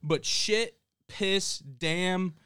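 A man co-hosting a podcast, telling a school story in animated casual chat and laughing as he goes. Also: high-pitched, drawn-out words, clean tone, no echo, studio quality. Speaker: podcast co-host.

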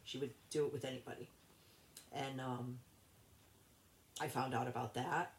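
A woman, a guest in an interview, telling a personal story in a rambling, halting way with many restarts. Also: very deep voice, steady tone, roomy sound, slight background noise.

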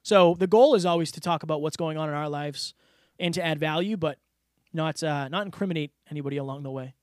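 A man guesting on a podcast talks earnestly and openly in casual interview style, loading his speech with "like" and "you know." He's a fast talker with a fairly high, darkish voice, recorded at studio quality with no echo.

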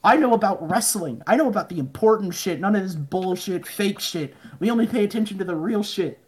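A man's voice: high-pitched, animated, brisk. Profane rambling man telling stories. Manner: profane, rambling, acts out quoted people in mumbly voices. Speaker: podcast guest. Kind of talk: casual storytelling chat.

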